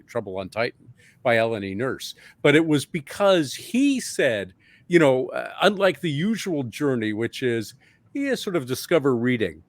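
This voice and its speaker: A middle-aged man from Canada, the guest author on a podcast, telling stories in a lively way. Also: mid-range voice, no room sound. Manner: lively storytelling. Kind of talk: podcast interview.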